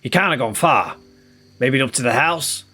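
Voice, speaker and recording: A man's voice: medium pitch, expressive, normal speed, sharp tone, breathy edge. A man playing a tabletop game, chatting casually and recapping with plenty of fillers. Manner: hesitant recap with many fillers. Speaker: player.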